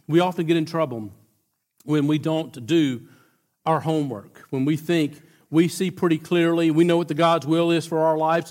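A male pastor preaching a sermon in a conversational, emphatic way, with halting restarts. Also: a little high.

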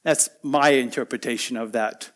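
A man preaching a sermon, earnest and conversational, swinging between loud emphatic lines and quiet soft asides. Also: medium pitch, steady tone, moderate pace.

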